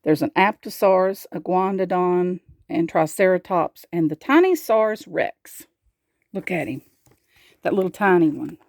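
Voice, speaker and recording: A woman reading a picture book aloud, slow and expressive, asking the listener questions. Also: fairly low pitch, creaky, dry recording, clean studio sound. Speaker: storyteller.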